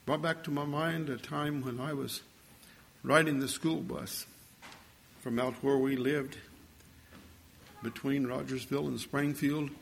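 A man's voice: mid-range voice, fairly even intonation, unhurried, creaky, long pauses, a little hiss or hum. An older man preaching a sermon, telling a story in a folksy way and building to fervent exhortation.

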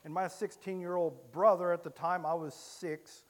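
A man from Illinois preaching a sermon, telling a story with many halting restarts. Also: sits high. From Illinois, USA.

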